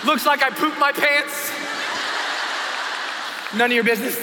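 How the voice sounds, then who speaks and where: A man giving a dramatic, expressive motivational talk on a stage in a large hall, acting out his story as he tells it. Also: extremely high pitch, a little slow, a loud crowd. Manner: expressive, dramatic, acts out scenes with screams. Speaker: motivational speaker. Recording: echoey hall with ambient noise.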